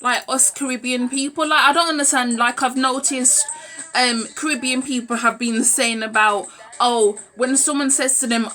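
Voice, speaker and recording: Frank woman with a bright voice. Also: sits high, fairly even intonation, moderate pace. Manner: frank, forthright, blunt. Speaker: vlogger. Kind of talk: opinionated talking-to-camera monologue.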